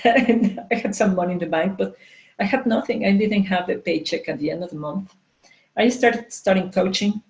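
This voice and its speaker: A woman's voice: fairly low pitch, a little mellow, lo-fi sound. Candid woman in her forties, echoey room. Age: 40s. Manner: candid, halting, many fillers and restarts. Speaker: coach and entrepreneur. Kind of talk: personal story at a live talk.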